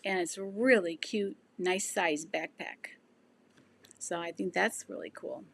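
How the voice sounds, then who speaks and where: A woman's voice: on the low side, measured pace, gravelly, a bit bright, a little hiss or hum. A woman in her sixties who is losing her voice, hosting a casual sewing livestream, rambling with many ums and restarts while she reads viewer comments. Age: 60s. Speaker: sewing channel host.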